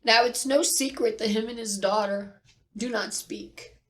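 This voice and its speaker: A middle-aged woman telling a personal story near tears, halting and repeating herself with pauses. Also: on the high side, fairly even intonation. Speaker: vlogger sharing personal loss. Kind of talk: tearful personal account.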